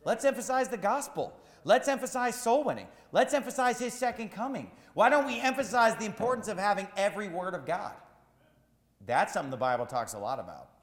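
A man preaching a sermon as pastor, emphatic and repetitive, rising to shouts at times. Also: high-pitched, animated, fairly quick, echoey room, big-room sound.

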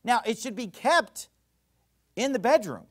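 A man preaching a sermon as pastor, fiery and emphatic, swinging between loud bursts and quiet asides. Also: extremely high pitch, animated, unhurried.

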